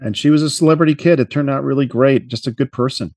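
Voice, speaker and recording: A man's voice: medium pitch, fast talker, a little mellow, no echo, studio quality. A man co-hosting a car podcast, chatting casually and reacting with emphatic enthusiasm. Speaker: podcast co-host. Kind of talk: casual chat.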